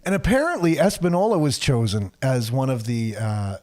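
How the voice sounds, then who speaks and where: A man's voice: mid-range voice, animated, normal speed, darkish tone. A male talk show host with a slight cold, reading viewer comments and chatting in a loose, laughing way. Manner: chatty, laughs often, restarts sentences. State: slight cold, voice a little deeper.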